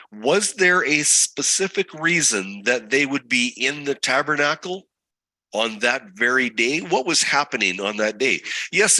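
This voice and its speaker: A man's voice: medium pitch, pushed and bright, no room sound, poor audio. A man teaching a scripture study lesson as a Bible teacher, asking his listeners one rhetorical question after another.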